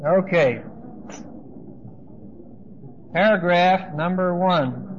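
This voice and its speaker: Guy preaching verse by verse, kinda high voice, keeps saying okay?, dull old recording. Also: slow, slight background noise. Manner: conversational teaching, frequent "okay?" checks, asides to congregation. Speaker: pastor. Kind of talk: expository Bible teaching. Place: church service.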